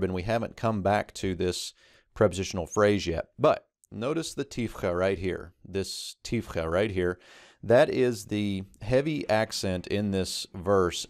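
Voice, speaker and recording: A man's voice: fairly low pitch, no room sound, clean studio sound. A man teaching Biblical Hebrew, methodically walking through a verse in a screen-recorded lesson. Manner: methodical, explains step by step while circling text on screen.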